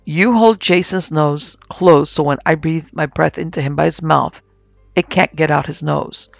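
A man doing an eerie old witch woman, calm and coaxing. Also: on the high side, measured pace, vocal fry, dry recording, muffled recording. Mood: brusque. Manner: calm, coaxing, folksy rural talk.

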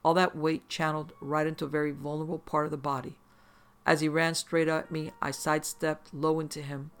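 A man's voice: on the high side, little pitch movement, fairly quick, a bit bright, clear, resonant tone. A man narrating a first-person horror story in an intense, profane, vivid way.

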